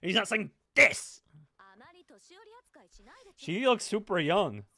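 Animated young man reacting to anime. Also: sits high, slow pace. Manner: blurts questions and swears at the screen; cooing over cute moments. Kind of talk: live anime reaction commentary.

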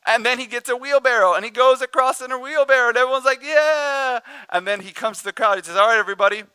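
A pastor preaching a sermon, telling stories with humor and acting out the people in them. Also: male voice, extremely high pitch, rapid-fire, smooth, no room sound. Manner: animated, jokey storytelling with laughs and acted-out quotes. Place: church.

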